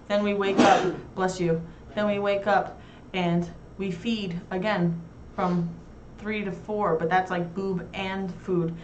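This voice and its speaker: A young woman from New York hosts a casual chat show, talking with blunt, crude, self-mocking humor. Her voice sits a little low and comes from some way off the mic. The room gives it a roomy echo, with a faint hiss underneath. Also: dull audio. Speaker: talk show host. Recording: roomy echo, heard from far off.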